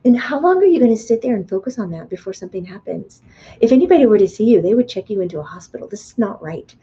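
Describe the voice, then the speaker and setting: Woman host, live web class, chatty and animated, mellow tone, dull lo-fi sound. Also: medium pitch, fast talker, breathy edge. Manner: animated, chatty, playfully acts out the mind's voice. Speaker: spiritual teacher and medium. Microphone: webcam or computer mic on a video stream.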